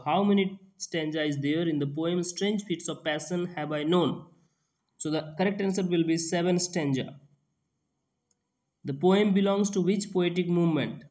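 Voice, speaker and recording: Male exam-prep tutor, slightly high pitch, slow and repetitive delivery with restarts. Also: darkish tone. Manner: slow, repeats each question and answer, frequent restarts. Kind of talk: reading out and explaining quiz questions.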